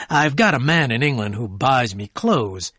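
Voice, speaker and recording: A man voicing a rich, dreamy gentleman who talks eagerly and courteously in a read-aloud story. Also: medium pitch, animated, normal speed, husky, no echo, studio quality. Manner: warm, eager host calling others old sport.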